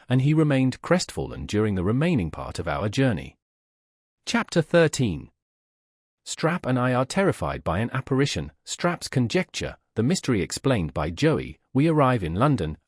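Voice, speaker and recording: A man narrating a classic novel aloud as an audiobook in an expressive, lively reading. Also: medium pitch, no room sound, clean studio sound.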